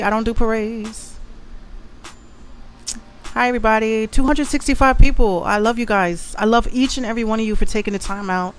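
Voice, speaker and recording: A young woman from the Bronx, a rapper and producer, hosts a casual livestream show in a mid-range voice with a Bronx New York accent. She speaks briskly, brash and boastful, and repeats herself often. A little hiss or hum is audible.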